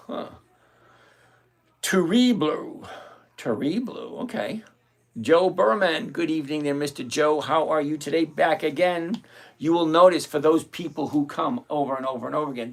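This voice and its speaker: Male livestream host, middle-aged, gravelly, slightly raised pitch; blunt, animated, chatty with viewers. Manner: blunt and animated, thinks aloud, greets viewers by name. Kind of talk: live options-trading stream, reading viewer requests.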